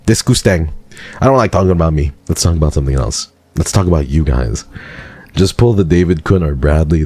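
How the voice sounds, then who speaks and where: A man's voice: very deep voice, a little mellow, breathy edge. An American man streaming live, chatting casually with viewers in a dry, sarcastic way. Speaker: livestreamer.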